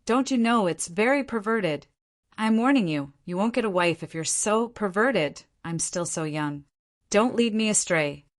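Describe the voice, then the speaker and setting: A woman's voice: medium pitch, animated, moderate pace, pitched above the performer's own voice, lightly acted. A woman voicing a teasing, bratty young sister who mocks and scolds her older brother in a storybook reading. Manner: mocking, scolding.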